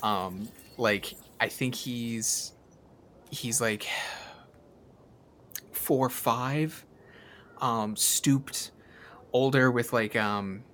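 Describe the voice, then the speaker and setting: Guy running a tabletop game, rambly and casual, mid pitch. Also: very slow, long pauses, fairly bright tone, a little hiss or hum. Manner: rambling, casual, lots of fillers. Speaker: game master.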